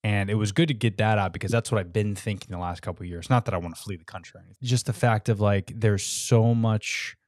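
A man's voice: fairly low pitch, steady tone, fast, hardly any pauses, dry recording, studio quality. A man hosting his podcast in casual chat, laid-back, with lots of fillers and swearing. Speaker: podcast host.

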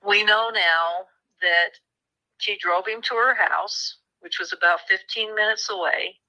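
A woman author walks through a crime case in an interview, her voice sharp and very bright. She tells it vividly, slipping into the voices of the people involved and restarting phrases as she goes. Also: mid-range voice, a little slow, low-quality recording. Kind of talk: storytelling interview.

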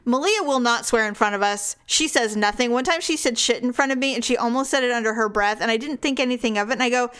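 A woman with a fairly high voice tells a long story in casual chat. She rambles, restarts her sentences and fills the gaps with "like". Her pitch sits above that of most women. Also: fast, hardly any pauses, a bit bright, clear, resonant tone. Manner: rambling storyteller with many fillers and laughs.

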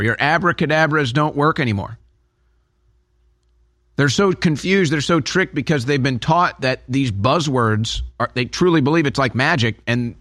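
Host for a political commentary show, lively, mocking delivery, bright tone. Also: male voice, a little high, no room sound, studio quality. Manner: sarcastic, animated, mocking.

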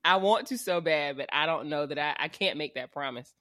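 A woman's voice: low voice, brisk, fairly bright tone, no room sound, studio quality. A woman, co-hosting a podcast in frank, profane casual chat. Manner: frank, profane, laughing often. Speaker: podcast co-host.

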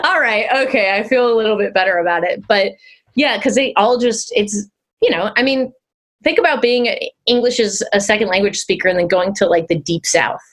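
A woman's voice: mid-range voice, a little fast. A woman co-hosting a casual chat, telling stories in a chatty way and laughing often. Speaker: podcast co-host.

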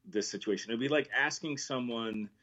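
A man's voice: mid-range voice, moderate pace, pushed and bright, highs cut off. A male co-host in casual talk show chat, laid-back and easygoing, on a remote line.

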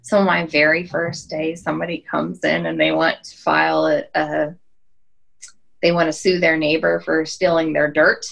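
Low-pitched and creaky, her voice holds a level tone at normal speed and sounds fairly bright, though the recording is low quality. She's a thirty-something podcast guest from Wyoming, a chatty storyteller who peppers everything with "like" and "um."

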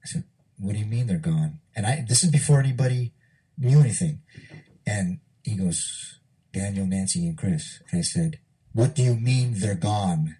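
A man's voice: normal speed, dark tone, breathy edge, poor audio. A man in casual podcast talk, recounting a story with feeling and acting out what others said. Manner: emotional, acts out quotes with shifting pitch. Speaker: former wrestler recounting a story.

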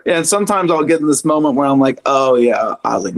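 A man's voice: mid-range voice, animated, fast, hardly any pauses. A man as a podcast guest, chatting casually and animatedly about spirituality, swearing freely and mocking his own inner voice.

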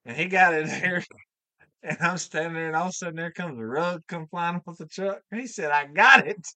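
A man's voice: on the high side, moderate pace, sharp tone, no room sound. A man, a mechanic guest, telling a folksy, profane story in casual chat.

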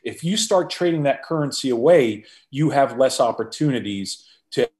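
A man guesting on a podcast, a mid-pitched voice that sits right in the ordinary range. He tells stories with animation and keeps restarting his sentences. He talks like someone recounting his own experiences. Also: normal speed. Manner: animated storyteller, frequent restarts. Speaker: podcast guest, former football executive. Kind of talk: conversational interview storytelling.

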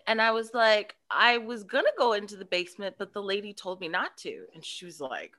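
A woman's voice: mid-range voice, brisk, few pauses. A woman, a podcast guest, telling a childhood story in casual chat and acting out the voices in it. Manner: animated, acts out voices in her story.

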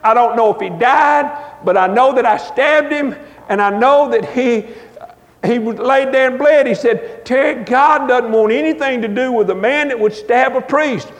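A man preaching a revival sermon with a very high, ringing voice. He tells folksy stories and leans into words with a drawn-out cadence. The sound carries a long church-hall reverb.

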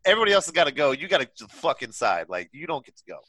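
Young dude telling a crazy story, swears a lot, voice jumps all over, dry mic. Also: male voice, on the high side, very fast, no echo. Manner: animated, swearing, laughing storyteller. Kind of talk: casual storytelling.

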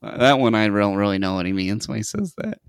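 A man's voice: lowish voice, sing-song, quick pace, clean tone, dry recording, studio quality. A man in a casual chat among friends, joking crudely and swearing freely.

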